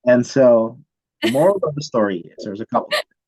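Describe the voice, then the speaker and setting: A man teaching chemistry, telling a story from his student days in a casual, animated way and checking in with "right?" often. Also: mid-range voice, a little fast, poor audio. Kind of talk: storytelling lecture.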